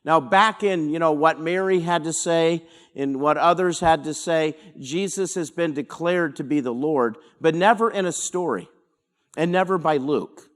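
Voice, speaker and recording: A man speaking as a pastor, teaching a verse-by-verse Bible study in an unhurried, explanatory way with dramatic pauses. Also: on the high side.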